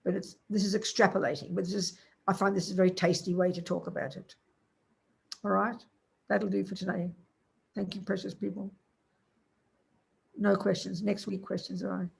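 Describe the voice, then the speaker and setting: A woman's voice: mid-range voice, level tone, moderate pace, gravelly, long pauses, a little mellow, husky. An older Australian woman, a Buddhist nun, teaching a class in a blunt, colloquial, teasing way, calling listeners darling.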